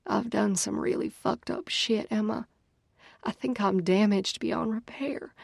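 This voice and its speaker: A woman's voice: medium pitch, a little slow, gravelly, dry recording, studio quality. A woman reading as a broken, bitter sister. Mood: tearful. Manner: flat and dull, then snappish and sobbing. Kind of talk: audiobook dialogue reading.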